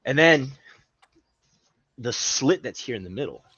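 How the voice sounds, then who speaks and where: A man's voice: mid-range voice, lively intonation, measured pace, fairly bright tone, slightly rough, no echo, dull audio. A young man chatting casually as a podcast guest, laid-back and laughing often. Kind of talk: casual chat.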